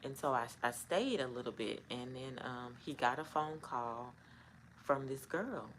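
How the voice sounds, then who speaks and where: A woman's voice: very deep voice, a little slow, fairly bright tone, slight background noise, low-quality recording. A middle-aged woman telling a personal story to camera in a casual, rambling way, full of "um" and "like". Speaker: vlogger.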